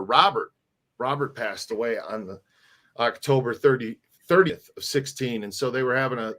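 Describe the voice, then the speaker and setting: A man's voice: mid-range voice, a bit bright. A middle-aged man co-hosting a casual live-stream chat, rambling and often restarting his sentences. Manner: rambling, restarts and repeats words. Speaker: podcast co-host.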